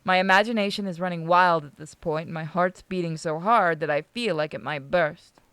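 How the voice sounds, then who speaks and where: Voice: medium pitch, normal speed, fairly bright tone, clear, resonant tone, no echo, studio quality. A gaming channel host with a New York accent, casually chatting and reading a visual novel aloud, swearing freely.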